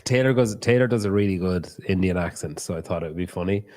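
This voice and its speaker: A man's voice: sits low, quick pace, darkish tone, no room sound. A man hosting a podcast, chatting casually and telling rambling, joking stories with plenty of swearing. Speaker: podcast host.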